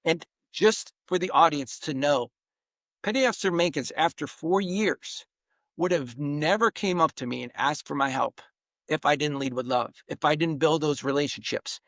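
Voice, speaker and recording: Middle-aged guy on a podcast telling a heartfelt story, kinda high gravelly voice. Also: moderate pace, dry recording. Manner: earnest, emotional, animated retelling with acted-out quotes. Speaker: podcast guest. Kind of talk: personal storytelling in an interview.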